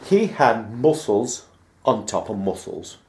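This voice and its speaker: A man's voice: on the low side, very animated, takes it slowly, darkish tone, a little hiss or hum. A man casually recounting a school memory, rambling and acting out the remembered dialogue. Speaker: vlogger. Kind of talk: casual personal storytelling. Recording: roomy echo.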